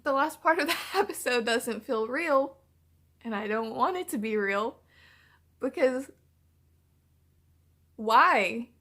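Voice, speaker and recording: A woman's voice: on the high side, lively intonation, slow, pauses often, sharp tone. A woman hosting a reaction video, reacting emotionally to a TV episode, swearing freely and talking back to the screen.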